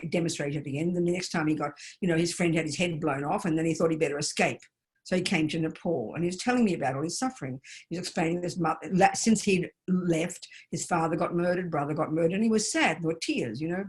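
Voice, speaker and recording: A woman's voice: fairly low pitch, a little mellow. An older woman, a Buddhist nun, giving an emphatic dharma talk full of rhetorical questions. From Australia.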